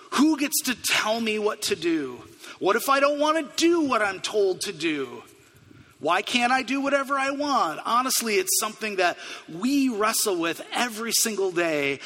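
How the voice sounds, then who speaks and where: Bright-voiced pastor preaching in a hall. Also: male voice, high-pitched. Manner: storytelling, earnest and conversational. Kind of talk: sermon. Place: church sanctuary. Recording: long hall reverb.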